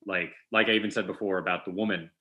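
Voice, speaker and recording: A young man with a New York accent speaks low and fast over a lo-fi recording. He's a comedian guest in a casual chat, animatedly telling funny stories and acting out the voices of the people in them.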